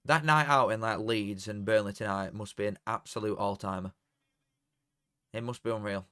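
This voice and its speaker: A young man casually commentates on a live match as a watchalong streamer, bantering with chat and swinging from mutters to shouts. His voice is on the low side at normal speed, captured as clean studio sound with no echo.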